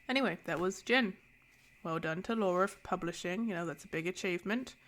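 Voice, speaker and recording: Candid, sarcastic woman with a gravelly voice. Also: on the low side. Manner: candid, sarcastic, animated commentary. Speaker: book reviewer. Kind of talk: casual book review vlog.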